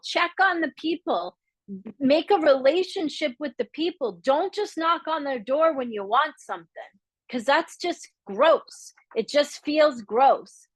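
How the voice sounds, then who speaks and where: A middle-aged woman from the area, teaching a live masterclass in a candid, lively way, acting out the voices she quotes. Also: on the high side, dry recording. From Boston area, Massachusetts. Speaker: business coach.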